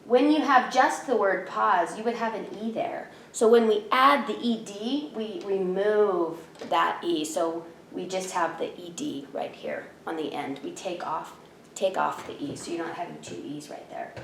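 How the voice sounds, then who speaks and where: A woman's voice: medium pitch, a little slow, roomy sound, slight background noise. A woman teacher in her thirties giving a spelling lesson from home, patiently sounding out each letter.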